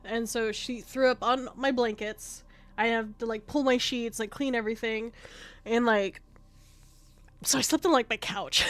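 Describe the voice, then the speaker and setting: A young woman streaming a game, rambling and swearing while she chats with viewers, sniffly and clearing her throat. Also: steady tone, normal speed. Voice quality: high, youthful voice she calls cute. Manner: rambling, swears often, reacts to chat. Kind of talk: casual game stream chat.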